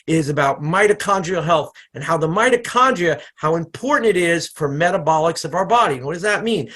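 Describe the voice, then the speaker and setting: An energetic man with a fairly high voice gives a conversational product training over a computer microphone. He talks fast and loose, repeating words and starting sentences again. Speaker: chiropractor giving product training. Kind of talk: casual presentation on a video call. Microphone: computer microphone on an online call.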